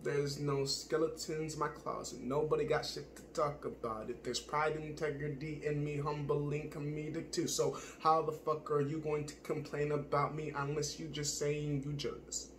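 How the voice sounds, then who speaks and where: Rambling, profane man, fairly high voice. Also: flat delivery, moderate pace, hardly any pauses, slight background noise. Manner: rambling, profane, self-searching. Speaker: spoken-word performer. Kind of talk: improvised spoken-word monologue.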